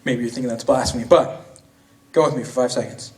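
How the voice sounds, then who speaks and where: A man's voice: medium pitch, fairly even intonation, a little fast, a little mellow. A young man preaching a sermon in a casual, slangy way, retelling a story with frequent restarts in a church. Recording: voice from a distance.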